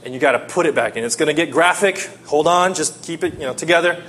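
A man preaching a sermon, telling a personal story and swinging between loud pleading and hushed tones. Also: a little high, quick pace, a little hiss or hum.

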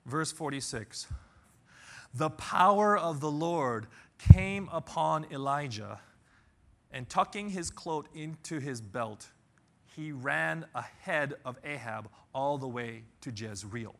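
A man preaching a sermon, telling a Bible story with animated storytelling, sudden shouts and dramatic pauses. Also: fairly high pitch, creaky. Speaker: pastor.

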